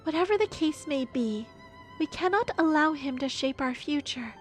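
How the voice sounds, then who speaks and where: A woman voicing a grave, dignified young queen, speaking in a measured, formal way as live game voice acting. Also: high-pitched, expressive, faint music behind. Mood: solemn.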